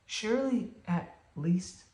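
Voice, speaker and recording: Brief: a man playing a high, chirpy little storybook mouse, eager and polite, echoey room. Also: lively intonation, slow pace. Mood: cheerful. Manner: bright, chirpy, hushed reminders. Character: small cheerful male mouse, eager and polite. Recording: roomy home room echo.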